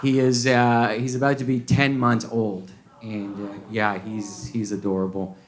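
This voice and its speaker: A man's voice: fairly low pitch, level tone, measured pace. A man in his thirties from Colombia with a Colombian accent, playfully mixing languages during a stand-up comedy set on a club stage. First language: Spanish. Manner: playful, switches languages mid-sentence. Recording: live show with audience noise.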